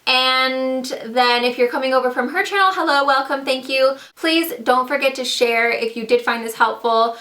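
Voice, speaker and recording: A young woman with a high, bright, forceful voice gushes about her favorite fall finds in a casual product haul vlog, leaning on "like" and "so cute." She's a bubbly beauty and lifestyle vlogger who speaks at a moderate pace with few pauses. Her dental trays give her a slight lisp.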